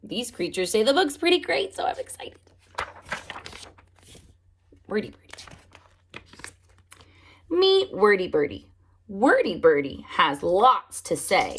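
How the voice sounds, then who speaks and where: Animated woman reading stories to preschoolers. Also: medium pitch, slow pace, pauses often, slight background noise. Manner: animated, asks children questions. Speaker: preschool teacher. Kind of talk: storybook read-aloud for children.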